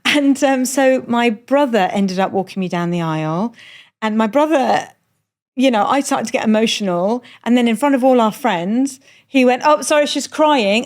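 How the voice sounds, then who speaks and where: A woman's voice: fairly high pitch, a little mellow. A middle-aged woman from Iran, a comedian guest on a podcast, telling candid, self-deprecating stories and swearing freely. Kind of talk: candid storytelling chat. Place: on a moored boat.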